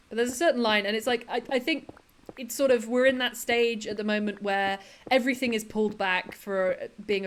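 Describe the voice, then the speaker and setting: Woman streamer chatting away, laughs a lot, bit high voice, faint hiss behind. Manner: chatty, laughs often, quotes comedy lines. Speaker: livestreamer. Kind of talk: casual chat with chat while gaming.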